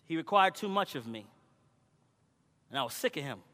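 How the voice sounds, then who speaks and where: A male preacher delivering a sermon, moving between loud exhortation and quiet personal storytelling. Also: on the high side, expressive, moderate pace. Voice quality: swings from shouting to quiet storytelling. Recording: long hall reverb.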